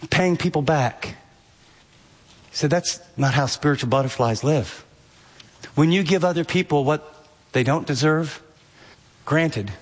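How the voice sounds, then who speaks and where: A man preaching a sermon on a radio broadcast, animated, acting out the inner voices of his listeners. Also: medium pitch, long reverb tail. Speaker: pastor.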